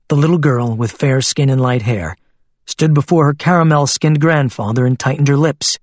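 Husky, dry-voiced male audiobook narrator. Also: medium pitch, normal speed, no room sound.

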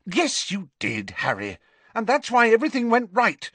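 This is a shrill, earnest teenage girl pushing her point in an audiobook scene, voiced by a man. Her voice sits high above the reader's own and comes across dry and close. She rises and falls a lot as she scolds. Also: huge pitch swings, moderate pace, fairly bright tone, dry recording, full character voice. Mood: reproachful.

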